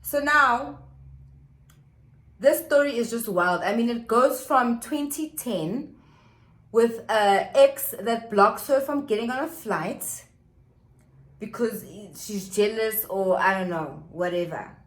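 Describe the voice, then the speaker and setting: A woman's voice: a little high, slow. A woman vlogger telling a gossip story while doing her makeup at home, chatty with dramatic asides to viewers. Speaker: beauty vlogger. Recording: echoey room.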